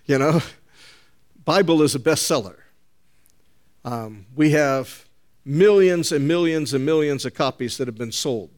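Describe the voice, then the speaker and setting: A man preaching a sermon to a congregation, emphatic and animated, asking the room rhetorical questions. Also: fairly high pitch, unhurried, long pauses.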